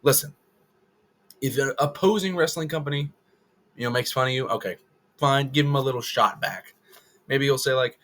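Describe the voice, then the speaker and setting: A man's voice: mid-range voice, normal speed, pauses often, a bit bright. A man giving casual opinion commentary to the camera, rambling and correcting himself as he goes. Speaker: wrestling video creator.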